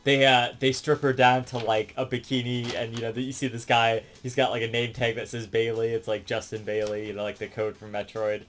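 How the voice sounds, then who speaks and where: A man's voice: mid-range voice, flat delivery, brisk, few pauses, fairly bright tone, soft background music. A man casually recapping a movie plot as a reviewer, rambling along with lots of "um" and "like" fillers. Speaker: film reviewer.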